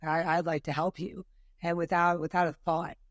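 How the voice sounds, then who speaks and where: A woman's voice: lowish voice, level tone, moderate pace, no echo, muffled recording. A woman studio owner, a guest in a casual interview, chatty and self-deprecating.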